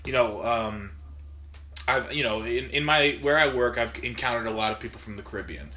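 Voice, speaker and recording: A man's voice: mid-range voice, brisk, sharp tone. A man in casual podcast chat who rambles and keeps restarting his sentences, full of fillers.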